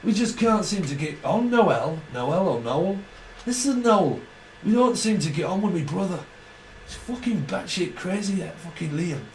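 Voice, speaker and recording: A man's voice: sits high, expressive, moderate pace, roomy sound, distant mic, slight background noise, voice pushed up, rough recording. A man putting on the voice of a brash, sweary rock star who moans about his brother. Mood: moaning. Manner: swearing, self-pitying rant.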